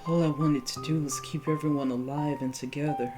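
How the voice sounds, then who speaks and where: A woman reading out the quiet, apologetic lines of a maimed man captive in a game, with clear music playing behind. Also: low voice, steady tone, fairly quick, lightly acted. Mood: sorrowful.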